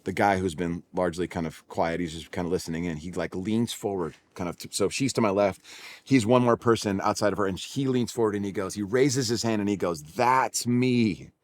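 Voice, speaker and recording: Chatty Californian pastor telling a story. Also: male voice, low voice, fairly quick, a little hiss or hum. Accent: Californian English. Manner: conversational, self-deprecating, many restarts. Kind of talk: storytelling sermon. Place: church auditorium.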